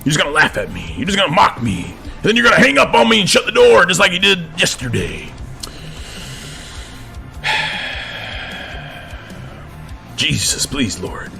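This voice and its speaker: Speaking from an office into his camera with a drawl, a vlogger playing a command sergeant major preaches a heated rant at a quick pace, faint music behind him. His bright, edgy voice carries a gravelly fry, and its pitch swoops wildly as he stammers through restarts when worked up. He keeps addressing his "friends."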